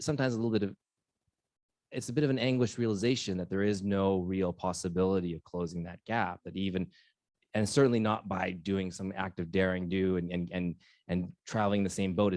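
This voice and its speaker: A man's voice: low voice, darkish tone, no echo, clean studio sound. A man, an author and journalist, answering questions at a live library event, speaking reflectively with frequent restarts and fillers.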